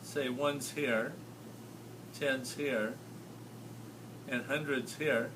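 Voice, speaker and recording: A man's voice: mid-range voice, fairly even intonation, extremely slow, distant mic, noisy background. A man teaching a math lesson, explaining patiently and often checking whether his students follow. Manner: patient, checks understanding with tag questions.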